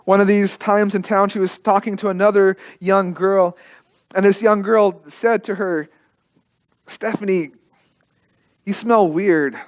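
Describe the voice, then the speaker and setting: A male pastor telling a story in a sermon, emotive, repeating phrases and dropping soft at key moments. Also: high voice, level tone, moderate pace.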